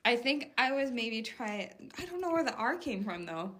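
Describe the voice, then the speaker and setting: A woman's voice: on the high side, sing-song, moderate pace, pushed and bright, husky. A woman co-hosting a podcast in casual chat, giggling often and talking with candy in her mouth. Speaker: podcast co-host.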